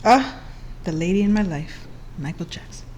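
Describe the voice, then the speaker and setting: A woman's voice: fairly low pitch, animated, moderate pace, darkish tone, slight background noise, low-quality recording. A woman giving a casual tarot reading, playful and chatty, laughing often and singing along to songs between her remarks. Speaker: tarot reader.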